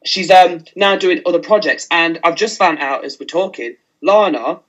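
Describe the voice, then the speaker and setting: A man's voice: fairly high pitch, normal speed, a bit bright. A man co-hosting a casual podcast chat, chatty and gossipy, on dull lo-fi audio. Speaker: podcast co-host.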